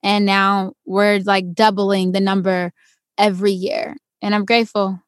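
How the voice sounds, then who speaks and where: A young adult woman, an actress and stuntwoman, telling her story in a casual interview and acting out quoted voices with big jumps in pitch. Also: flat delivery, unhurried, dry recording, clean studio sound.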